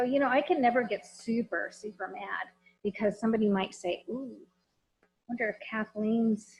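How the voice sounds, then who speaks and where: Woman trainer, a bit high-voiced, frank and emphatic, chatty lecture that keeps asking the room questions. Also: rough recording. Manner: lively, talks straight to the audience with questions.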